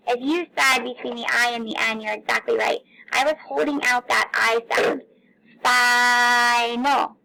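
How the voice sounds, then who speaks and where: A woman teacher leading a recorded phonics lesson for young children, patient and encouraging, sounding out words slowly. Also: on the high side, vocal fry, sharp tone, low-quality recording.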